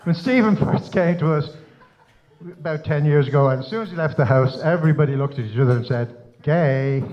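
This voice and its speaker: A man's voice: a little high, fast, a little hiss or hum. A middle-aged Irish man, the father of the bride, giving a teasing, joke-filled wedding speech at a reception. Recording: slightly dull lo-fi sound.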